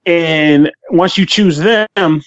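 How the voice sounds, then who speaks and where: A man's voice: a little high, extremely slow, no echo, lo-fi sound. A man giving casual commentary on a video game, joking and talking straight to the viewer. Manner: jokey, talks straight to the viewer. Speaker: game reviewer.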